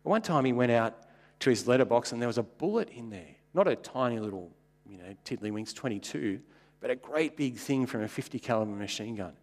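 A pastor delivers a sermon in a mid-pitched male voice. He tells wry, anecdotal stories and leaps upward in pitch to land a twist or a joke. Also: animated, fairly quick, in a large hall. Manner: wry, anecdotal storytelling with sudden jumps in pitch.

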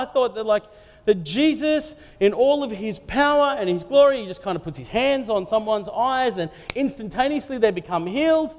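A man's voice: high voice, expressive, moderate pace. A man preaching a sermon in a conversational, jokey, storytelling way. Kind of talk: humorous sermon. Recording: echoey hall reverb.

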